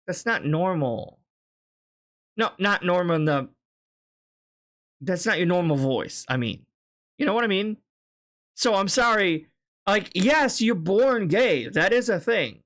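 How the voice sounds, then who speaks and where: A man's voice: a little high, expressive, measured pace, pauses often, a bit bright. A man streaming live, reacting to video clips with blunt, casual commentary full of swearing and apologies.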